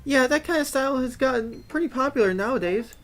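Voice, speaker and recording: A man's voice: very high-pitched, expressive, fast, a bit bright, soft background music, pitched above the performer's own voice, full character voice. A man voicing a confident, cheerful teenage girl who leads a club and gives upbeat advice in a video game.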